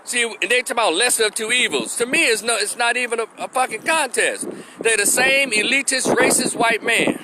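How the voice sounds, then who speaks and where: A man's voice: very high-pitched, fairly quick, noisy background. A man giving a blunt, profane opinion rant, stressing his points and laughing in scorn. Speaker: opinion vlogger.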